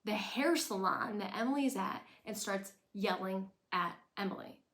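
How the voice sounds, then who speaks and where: A woman's voice: mid-range voice, measured pace, fairly bright tone. A young woman chattily recapping a TV episode, full of "like". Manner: chatty, lots of "like". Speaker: show recapper. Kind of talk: casual recap vlog. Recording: echoey room.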